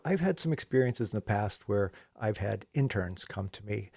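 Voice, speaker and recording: A man's voice: lowish voice, expressive, normal speed, creaky, darkish tone, slightly rough, no echo. A man in a casual talk about his photography trade, telling stories in a rambling way, full of restarts and asides. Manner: rambling storyteller with many "you know"s and restarts. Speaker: commercial photographer, co-host. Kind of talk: casual conversation.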